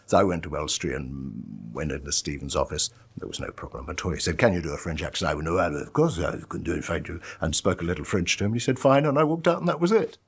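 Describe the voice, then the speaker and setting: An actor with a husky voice tells a story in a documentary interview. His pitch swings widely, and his storytelling is theatrical and lively. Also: quick pace, hardly any pauses. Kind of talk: documentary interview, telling an anecdote.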